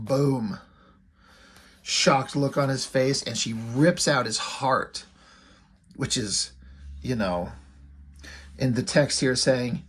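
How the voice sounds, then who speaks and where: Man reviewing comics, off-the-cuff and rambling, breathy husky voice, middling pitch. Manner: rambling, loose, full of fillers and asides. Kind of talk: casual commentary.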